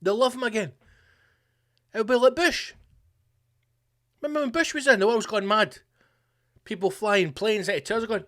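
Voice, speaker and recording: A Scottish man hosting his podcast, delivering a sweary, animated comedic rant in a conspiratorial tone. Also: high voice, normal speed, long pauses. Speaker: podcast host.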